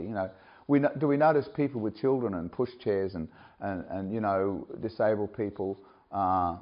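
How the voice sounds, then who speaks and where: A man preaching as a missionary, telling stories and acting out what people said. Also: on the low side. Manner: animated storyteller, acts out quoted dialogue with laughs. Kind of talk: sermon with personal stories. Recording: dull lo-fi recording.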